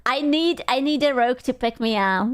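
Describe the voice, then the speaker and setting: A live streamer talks casually to her audience through a desktop mic, cursing freely, fielding questions from chat, and griping with playful self-mockery. She has a high-pitched, clean voice at a normal speed, and the recording is dry.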